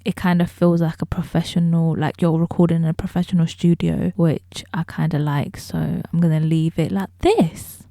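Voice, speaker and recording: Mellow-voiced woman reviewing gear. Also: deep voice, level tone, moderate pace, gravelly, few pauses, no room sound, studio quality. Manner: explanatory, addresses viewers directly. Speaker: vlogger reviewing a microphone. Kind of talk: casual product review. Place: indoor room. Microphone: close studio dynamic microphone.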